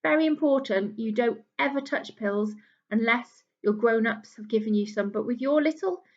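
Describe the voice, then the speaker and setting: A woman teaching a phonics lesson to young children, speaking gently and encouragingly as she claps out syllables. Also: on the high side, normal speed, dull audio.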